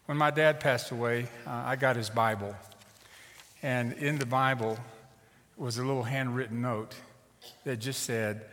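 Reverberant, animated middle-aged preacher. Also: male voice, mid-range voice, measured pace, long pauses. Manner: animated, conversational storyteller. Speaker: pastor. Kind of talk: storytelling sermon. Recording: reverberant hall.

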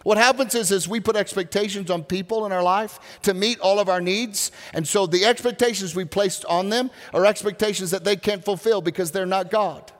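A man preaching a sermon as pastor, earnest, slowing down to stress key words. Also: sits high, a bit bright. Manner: earnest preaching with slow, drawn-out emphasis. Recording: reverberant hall.

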